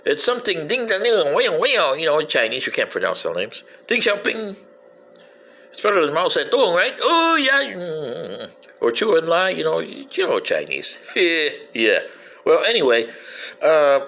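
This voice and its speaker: A man's voice: a little high, sharp tone. A man giving a rambling comedic history monologue, answering himself and breaking into whoops. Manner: rambling, talks back to himself, whoops "yoo-hoo". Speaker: commentator.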